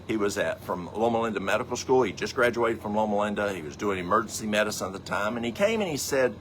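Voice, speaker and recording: A man's voice: on the low side, animated, fast talker, hardly any pauses, fairly bright tone, a little hiss or hum. A middle-aged man, teaching a health program in a folksy, rambling way, full of asides and acted-out stories. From American South. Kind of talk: casual teaching talk.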